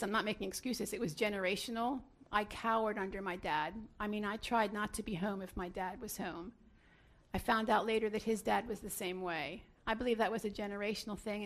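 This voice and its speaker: A middle-aged woman speaking to a live audience about raising children, emphatic and earnest, with a folksy, self-deprecating manner. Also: mid-range voice. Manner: emphatic, earnest, acts out quoted voices. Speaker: speaker at a parenting talk.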